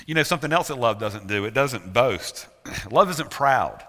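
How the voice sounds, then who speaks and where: A man's voice: on the high side, lively intonation, brisk, creaky, fairly bright tone. A male pastor with a Southern US accent preaching a sermon earnestly, with emphatic repetition. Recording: reverberant church hall.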